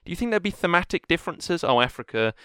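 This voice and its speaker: A man's voice: a little high, very animated, fast talker, pushed and bright, clear, resonant tone, dry recording, studio quality. A man co-hosting a podcast, chatting casually and rambling with fillers and restarts. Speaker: podcast co-host. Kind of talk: casual chat.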